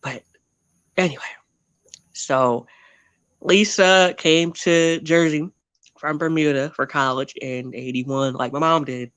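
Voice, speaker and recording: A man's voice: fairly high pitch, slow pace, long pauses, a bit bright, smooth, dry recording. A man telling his family history as a guest in a casual interview, rambling and often correcting himself mid-sentence.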